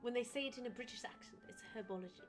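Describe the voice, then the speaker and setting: An American woman streaming a video game, chatting casually, animated and quick to laugh and argue playfully. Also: a little high. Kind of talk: casual gaming chat. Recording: game music behind.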